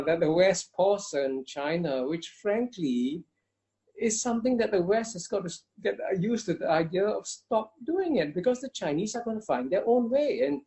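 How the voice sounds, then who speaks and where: A man with a mellow, warm-toned voice makes his case in an interview. He talks emphatically and insistently, doubling his words to drive a point home and refusing to be cut off. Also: on the high side. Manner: emphatic, insistent, repeats phrases for stress. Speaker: interview guest. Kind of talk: forceful argumentative interview answer.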